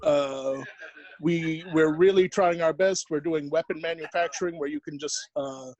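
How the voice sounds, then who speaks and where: A man's voice: a little high, fairly even intonation, normal speed, darkish tone, natural voice. A man playing Lex Luthor as a smug, self-promoting villain doing stand-up. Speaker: stand-up comedian in costume. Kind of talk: in-character stand-up.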